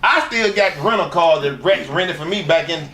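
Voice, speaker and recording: A man's voice: fairly high pitch, lively intonation, normal speed, pushed and bright, roomy sound. A man telling crude, rambling stories as an interview guest, often laughing as he talks. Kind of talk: profane shoot-interview storytelling.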